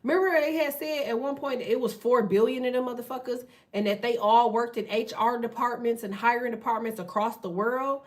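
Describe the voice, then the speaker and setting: A woman hosting a tarot channel, talking in a blunt, profane, fast casual rant. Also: a little high, recorded from a distance. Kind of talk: casual ranting monologue.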